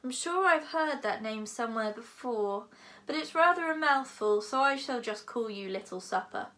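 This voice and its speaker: A woman's voice: a little high, lively intonation, normal speed, sharp tone. A woman voicing a huge cheerful male dragon, philosophical and menacing, with a genial, pompous manner.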